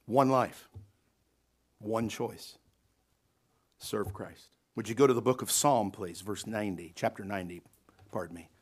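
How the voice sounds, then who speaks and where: A man pastor preaching a sermon in a church, emphatic and folksy, swinging between loud, stretched-out lines and quiet asides while asking the congregation questions. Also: fairly low pitch, fairly even intonation, measured pace, long pauses, breathy edge. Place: church sanctuary.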